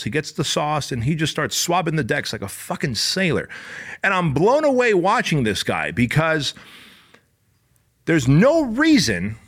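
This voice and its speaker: A middle-aged man hosting his own podcast, delivering a motivational monologue. He swears freely and preaches with intensity, his pitch sitting in an ordinary middle range. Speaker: podcast host.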